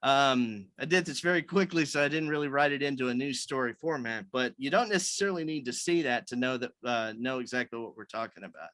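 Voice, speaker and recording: A man's voice: medium pitch, fairly quick, few pauses, fairly bright tone, dry recording. A man leading a writers' meeting on a video call, explaining things loosely with many fillers and restarts.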